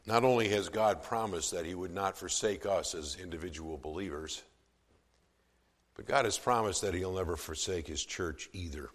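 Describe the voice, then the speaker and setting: A man preaching a sermon as pastor, swelling from soft to loud for emphasis, with some stammered restarts. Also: low-pitched, normal speed, long reverb tail.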